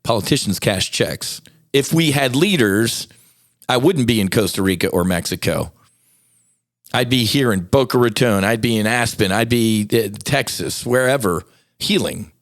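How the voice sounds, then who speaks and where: A man's voice: medium pitch, moderate pace, no echo, clean studio sound. A middle-aged man hosting a podcast, talking candidly and growing passionate, rising into emphatic rants. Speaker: podcast host. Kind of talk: casual solo podcast talk.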